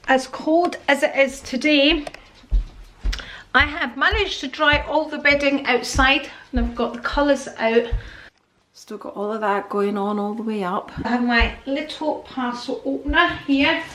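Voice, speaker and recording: A woman's voice: sits high, a bit bright, slight background noise. A middle-aged woman chatting casually to camera at home in a rambling way, laughing often. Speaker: vlogger. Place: at home, indoors.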